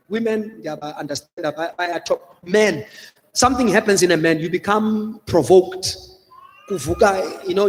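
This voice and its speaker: A man's voice: sits high, big-room sound. A man with a South African accent preaching a sermon as a pastor, earnestly pleading and repeating his warnings, slipping Xhosa phrases into his English. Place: church hall.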